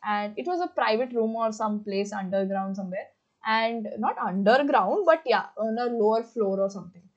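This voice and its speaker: A woman hosting a podcast in casual book chat, gushing and excitable, with lots of fillers. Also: medium pitch, normal speed. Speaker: podcast host. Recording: dull lo-fi recording.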